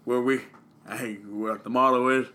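A man co-hosting a casual podcast, trading crude, excitable banter. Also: medium pitch, moderate pace. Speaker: podcast co-host. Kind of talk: casual chat.

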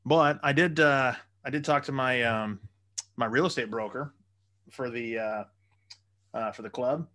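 A man in easygoing conversation, telling long stories and cursing casually as he goes. His tone is bright and punchy, with a forceful edge. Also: medium pitch, unhurried, pauses often. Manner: rambling storyteller, swears freely. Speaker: would-be comedy club owner. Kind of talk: casual chat.

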